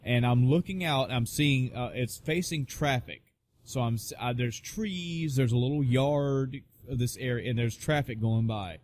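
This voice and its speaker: A man co-hosting a casual podcast, spinning a long anecdote. He swears freely and jumps into quoted voices as he goes. His pitch sits in a middling range for a man. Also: measured pace, slight background noise. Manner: profane, animated storyteller acting out quoted voices. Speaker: podcast co-host. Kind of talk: casual storytelling chat.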